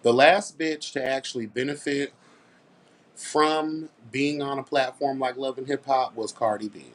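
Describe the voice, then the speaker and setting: Brief: male commentary host, sassy, blunt, emphatic, mid-pitched voice. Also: fairly even intonation, unhurried. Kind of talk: casual commentary rant.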